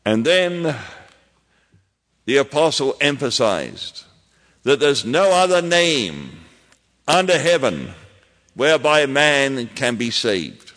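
Male pastor, mid-pitched voice, unhurried emphatic sermon delivery, reverberant church hall. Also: sing-song, fairly bright tone. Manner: measured preaching with emphatic repetitions.

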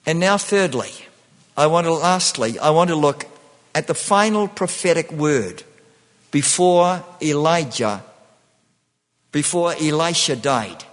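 A man's voice: a little high, animated, unhurried, pauses often, long reverb tail. A man preaching a sermon, often repeating himself and restarting phrases.

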